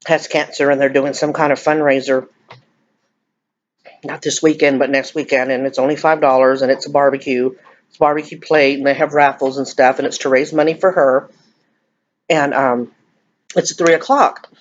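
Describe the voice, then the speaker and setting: A woman's voice: very deep voice, steady tone, moderate pace, slight background noise. Woman, fifties, confiding vlog chat over a meal, muffled lo-fi audio. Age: 50s. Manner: confiding, emotional, rambling. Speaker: vlogger. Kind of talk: casual chat while eating.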